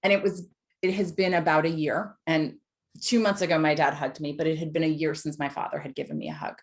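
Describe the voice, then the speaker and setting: A woman's voice: low voice, steady tone, brisk. A woman in her forties giving a heartfelt, emphatic talk on mental health to an online audience over a video call. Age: 40s. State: tearful at times. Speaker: guest speaker on mental health.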